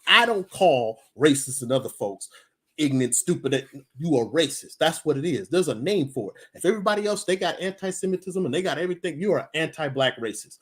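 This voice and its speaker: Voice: mid-range voice, animated, brisk. A vlogger giving a heated, emphatic personal rant to camera, repeating points for emphasis and telling stories. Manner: emphatic, repetitive, storytelling with acted quotes. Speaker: video commentator.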